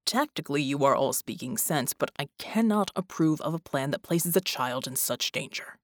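A woman reading the part of a stern male team leader in an audiobook, speaking in a grave, formal, measured way. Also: deep voice, expressive, no echo, studio quality, pitched below the performer's own voice.

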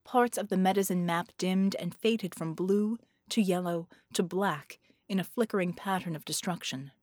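A woman reading an audiobook with scripted narration, in an even storytelling manner. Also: on the low side, moderate pace, no room sound, studio quality.

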